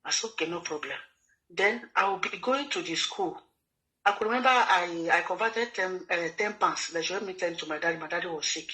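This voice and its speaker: A Nigerian man pours out his story at a quick clip, circling back over the same words as he pleads his case. His voice is bright and forward, and he keeps slipping into the voices of the people he quotes. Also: high-pitched, low-quality recording. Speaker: guest telling his story. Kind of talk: emotional personal testimony.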